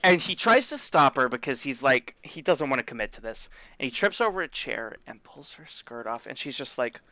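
A man's voice: mid-range voice, very animated, bright, forceful tone, dry recording. A young man co-hosting a casual podcast, joking as he recaps an anime episode. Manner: joking, talks fast when recapping. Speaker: podcast co-host. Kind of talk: casual chat.

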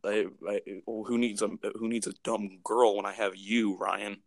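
A young man co-hosting a casual podcast, talking in halting, rambling bursts with many restarts. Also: fairly low pitch, little pitch movement, creaky, no echo. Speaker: podcast co-host. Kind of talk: casual chat.

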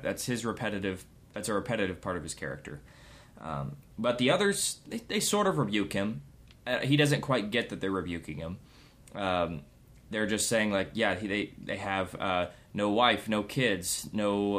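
A man's voice: sits low, a bit bright. A man hosting a casual podcast discussion, hesitant and full of fillers as he reads from his notes. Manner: hesitant, many fillers while reading notes. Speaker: podcast host.

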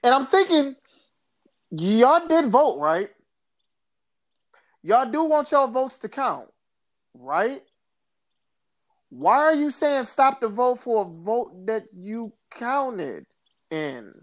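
A woman co-hosting a casual political podcast, talking in an animated, sarcastic way, with laughs and mocking impressions. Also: a little high, slow. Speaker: podcast co-host.

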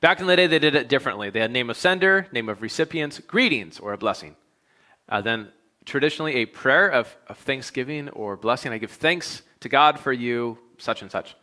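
A young adult man, a pastor, preaching a sermon in a relaxed, conversational storytelling way. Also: mid-range voice, brisk. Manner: conversational storytelling, animated when quoting himself.

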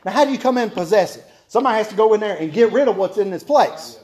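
A man's voice: high-pitched, lively intonation, racing, darkish tone. A man preaching a folksy sermon to a congregation, joking and repeating key phrases for emphasis.

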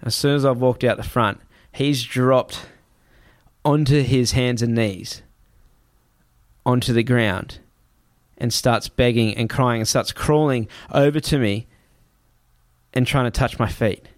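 A man's voice: mid-range voice, takes it slowly, dry recording. Male guest, young adult, casual storyteller, dry close mic. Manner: animated retelling, acts out the voices in his story.

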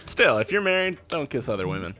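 A man co-hosting a podcast, chatting casually about movies with quick wisecracks and frequent laughter. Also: medium pitch, sing-song, pushed and bright, faint music behind. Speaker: podcast co-host.

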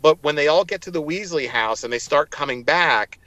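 A man's voice: fairly high pitch, lively intonation, brisk, a bit bright, dry recording, highs cut off. A man co-hosting a casual chat, animatedly retelling scenes and acting out the quoted lines. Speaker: podcast co-host.

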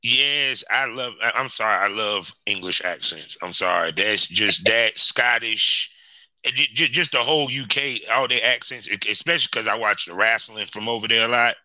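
A male podcast host with a lowish voice that still comes across very bright and forceful. He talks in a loose, chummy way, repeating his phrases as he chats and runs through sponsor reads. The sound is dry and close. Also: normal speed, no room sound, rough recording.

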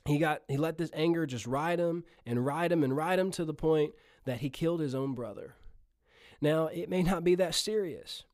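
A man's voice: fairly high pitch, normal speed, darkish tone, no echo, clean studio sound. A man preaching a sermon in an earnest, conversational way, often chuckling as he speaks.

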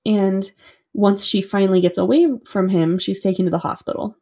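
A woman's voice: medium pitch, steady tone, normal speed, mellow. A woman casually recounting a true-crime story to a co-host, chatty with lots of "like" and free swearing.

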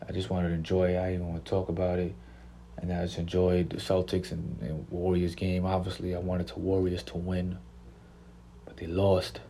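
A man's voice: sits low, completely flat delivery, moderate pace, mellow, slight background noise. A man hosting a casual sports podcast, laid-back and slangy, often repeating himself. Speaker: podcast host.

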